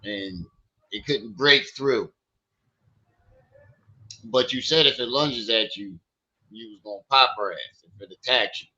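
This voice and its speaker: A man's voice: mid-range voice, unhurried, pauses often, sharp tone, dull audio. A man hosting a casual stream, retelling a friend's story in a mocking, incredulous way. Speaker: stream host. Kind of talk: casual commentary.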